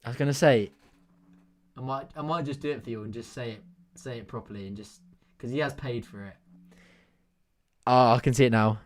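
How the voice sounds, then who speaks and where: With a mid-range voice and a slightly fast delivery broken by long pauses, a man covers a football match for a live watch-along audience. He's casual and chatty, getting excitable and laughing often when he stops to speak to viewers.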